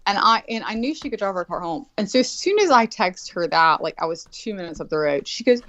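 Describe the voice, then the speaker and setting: A woman in her forties talks fairly quickly with few pauses in a medium pitch, telling a rambling, swear-heavy story and animatedly voicing what everyone said. The audio is dull, dry, lo-fi, with no room sound.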